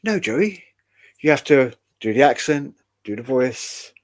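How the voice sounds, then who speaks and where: A man's voice: medium pitch, a little slow. Man, online show host, rambling and wry, swears freely. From United Kingdom. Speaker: podcast host. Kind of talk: casual chat.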